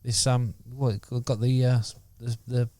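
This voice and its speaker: Man co-host, casual rambling chat, mid pitch, dry close sound. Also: level tone, unhurried, mellow, dry recording. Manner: rambling, many fillers and restarts. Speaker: podcast co-host.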